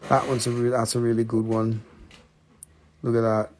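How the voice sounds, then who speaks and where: A man's voice: medium pitch, little pitch movement, normal speed, darkish tone, a little hiss or hum. A man hosting a live-stream rock and mineral sale, talking casually into a handheld phone, joking, teasing viewers and swearing freely.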